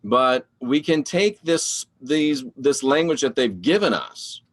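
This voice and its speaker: A man's voice: medium pitch, slow pace. Rambling, fired-up male stream host. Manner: animated, rambling, preachy. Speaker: online show host reading live chat. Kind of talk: casual live-stream talk.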